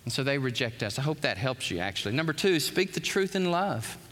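A man preaching a sermon, telling stories in an animated way and acting out what people said. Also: medium pitch, a little fast, big-room sound. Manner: animated storytelling, acts out quotes.

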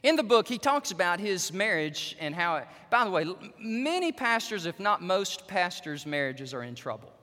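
A pastor, preaching a sermon in a church sanctuary, swinging from quiet asides to loud emphatic peaks. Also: male voice, high voice, sing-song, normal speed, few pauses. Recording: reverberant church hall.

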